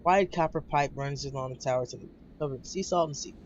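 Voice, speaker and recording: A man's voice: mid-range voice, quick pace, highs cut off, a little hiss or hum. A man streaming a game live, talking through it in a chatty, wry way. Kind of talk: casual game commentary.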